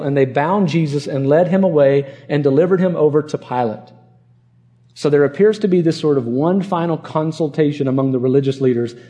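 Male pastor preaching, earnest and emphatic. Mellow tone, slightly high pitch. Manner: earnest, emphatic, repeats words for stress. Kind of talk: expository sermon.

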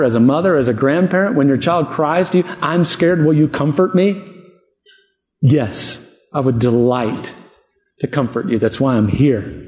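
A man's voice: mid-range voice, darkish tone. A man preaching a sermon in an earnest, conversational way, often asking rhetorical questions. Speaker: pastor. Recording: echoey hall with long reverb.

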